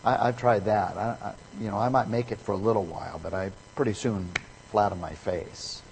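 A man's voice: lowish voice, fairly even intonation, normal speed, gravelly, a little mellow, long reverb tail, slight background noise, rough recording. A man preaching a sermon, emphatic and fond of repeating key phrases for effect.

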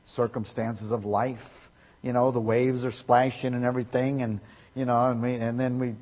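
A man preaching a sermon, emphatic, swinging from loud to quiet. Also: medium pitch, flat delivery, moderate pace. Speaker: pastor. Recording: echoey hall with long reverb.

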